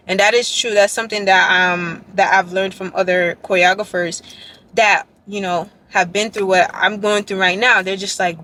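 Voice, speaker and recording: A young woman telling a rambling, excited story to her camera in a casual vlog. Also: normal speed. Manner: excited, rambling, quotes others in a lowered voice. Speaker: dance vlogger. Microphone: handheld camera.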